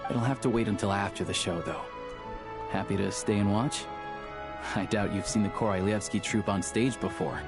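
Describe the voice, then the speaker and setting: An actor playing a composed, helpful adult man in game dialogue, calm and measured. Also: lowish voice, over loud music, close to an everyday voice. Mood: friendly.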